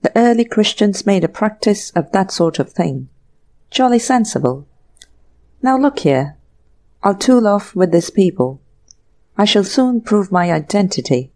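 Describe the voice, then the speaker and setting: A woman voicing a breezy, cheerful young gentleman in a storybook reading, talking lightly and pleasantly. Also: mid-range voice, sing-song, a little slow. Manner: light, pleasant, jaunty banter.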